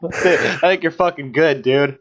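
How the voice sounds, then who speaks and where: A man's voice: fairly high pitch, slow pace, very noisy. A man co-hosting a podcast who talks bluntly and teases his partner, with plenty of swearing. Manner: blunt, profane, teasing. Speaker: podcast co-host. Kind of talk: casual chat.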